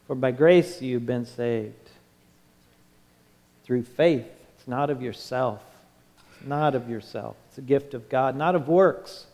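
A man's voice: mid-range voice, darkish tone. A male pastor preaching a sermon with an impassioned, rising and falling cadence and lots of repetition. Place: church sanctuary. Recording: long hall reverb with music underneath.

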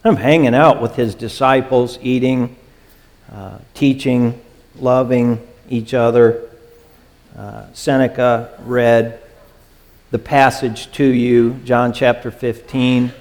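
Male pastor, mid pitch, slow and emphatic delivery with "uh"s, preaching in a reverberant church hall. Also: steady tone, darkish tone. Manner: earnest, emphatic, many filler "uh"s. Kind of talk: sermon.

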